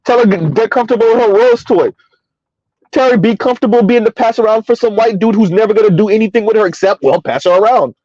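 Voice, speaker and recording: Emphatic high-voiced man ranting on stream. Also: quick pace, darkish tone, no echo, lo-fi sound. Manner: emphatic, rambling, chuckling. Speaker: commentary channel host. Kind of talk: casual livestream commentary.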